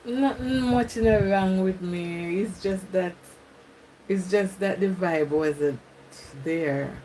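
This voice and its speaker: A woman's voice: on the low side, slow, mellow, slight background noise, poor audio. A Jamaican woman chatting with viewers on a live stream, reading comments aloud and laughing often. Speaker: YouTuber.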